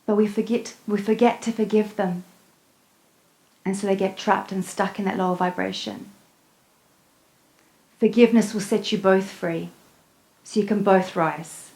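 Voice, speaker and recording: A woman's voice: mid-range voice, steady tone, measured pace, pauses often, darkish tone. A woman hosting a meditation evening, telling a story to a live audience with um and uh fillers, in a room of listeners. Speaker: meditation event host.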